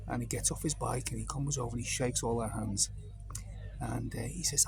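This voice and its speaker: A man's voice: mid-range voice, a little fast, gravelly, crowd noise. Rambling North Welsh man telling stories. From North Wales. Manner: meandering, digressive storytelling. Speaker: vlogger telling anecdotes. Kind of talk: casual anecdote.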